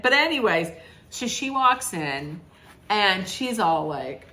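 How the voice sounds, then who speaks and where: A woman's voice: medium pitch, big pitch swings, a little slow, bright, forceful tone. A woman giving a casual, sassy recap rant, rambling with many restarts. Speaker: reality TV recap vlogger.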